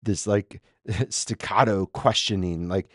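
A man's voice: sits low, steady tone, slow, no echo, clean studio sound. A man from Minnesota preaching a casual sermon, chatty, with lots of fillers and restarts. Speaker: pastor.

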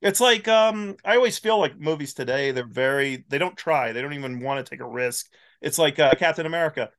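A man guesting on a podcast, riffing in casual chat with animated rhetorical questions. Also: mid-range voice, brisk.

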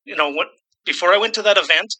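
A man's voice: high-pitched, quick pace, pushed and bright, rough recording. A Canadian man in his fifties, a real estate investor speaking as an interview guest, rambling and self-deprecating, often repeating his words. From Saskatchewan, Canada. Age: 50s. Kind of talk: casual interview conversation.

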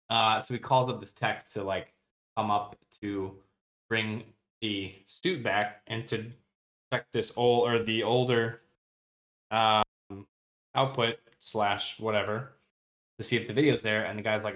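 A man with a lowish, fairly bright voice talks at a measured pace with fairly even intonation. He's co-hosting a podcast and casually recapping a book, retelling scenes in loose slang and briefly voicing characters' lines. His delivery is full of fillers and restarts.

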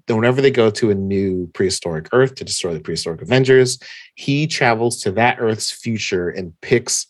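A man's voice: on the low side, no room sound, clean studio sound. A man co-hosting a podcast who recaps a comic in casual chat. He is chatty, laughs often and sometimes loses track of names.

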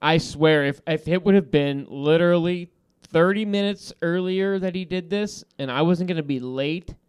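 In a studio-quality recording with no room sound, a podcast host with a slightly high, smooth voice speaks at a moderate pace. He animatedly recounts a heated story amid casual banter, full of profanity and laughter.

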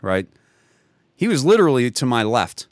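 A man at an ordinary pitch recounts a personal story in easy, casual conversation. He rambles, restarts sentences and breaks off with small chuckles. The sound is dry and close, with little room around it. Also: big pitch swings, moderate pace, no room sound. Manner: rambling, many restarts and self-corrections; chuckles often while telling the story. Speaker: guest.

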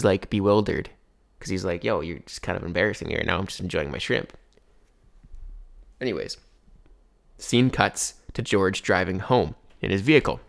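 A man's voice: on the low side, vocal fry. A young man telling a rambling story to his viewers, casual and full of fillers. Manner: rambling, filler-heavy, keeps saying "anyways". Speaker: vlogger.

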